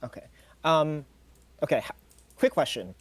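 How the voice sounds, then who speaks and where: A man's voice: fairly high pitch, lively intonation, unhurried, breathy edge, no echo. A man playing a tabletop game, restarting his sentences and swearing often. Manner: stammering restarts, frequent swearing. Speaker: player.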